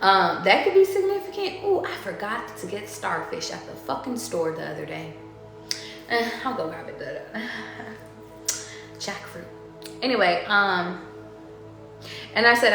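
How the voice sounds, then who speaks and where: A woman's voice: medium pitch, lively intonation, a little slow, fairly bright tone. A woman tarot reader chatting casually, rambling between stories, swearing freely and laughing often. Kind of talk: casual chat. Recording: very echoey room, faint music behind.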